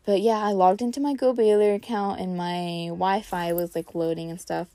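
A woman's voice: lowish voice, fairly even intonation, normal speed, mellow, dry recording. A young woman telling a personal story in a casual vlog, full of "like" fillers. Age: young adult. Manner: chatty, heavy on "like" fillers. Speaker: incoming college student.

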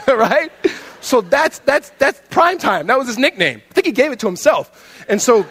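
A man preaching a sermon, telling stories animatedly and dropping to a soft voice for emphasis. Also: very high voice, takes it slowly, long pauses, in a large hall, a little hiss or hum. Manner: animated storytelling, laughs often, drops soft for emphasis. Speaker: pastor.

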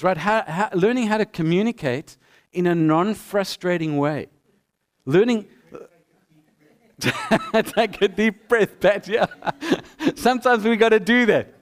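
A middle-aged male pastor preaching a sermon with animated storytelling, acting out both sides of the dialogues. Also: high voice. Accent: non-American.

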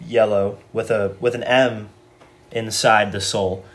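A man co-hosting a casual podcast chat, joking around and quick to laugh. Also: on the low side, little pitch movement. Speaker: podcast co-host.

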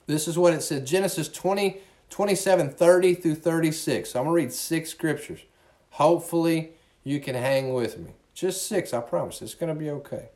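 A man's voice: a little high, moderate pace, a little mellow. A male pastor giving a conversational sermon, earnest and often repeating words as he restarts his sentences.

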